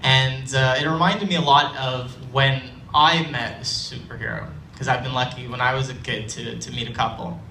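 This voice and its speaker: A young man telling a personal story on stage at a storytelling night, conversational and self-deprecating, with halting restarts. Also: mid-range voice, fairly even intonation, bright, forceful tone, a little hiss or hum. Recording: roomy live hall, distant mic, faint ambience.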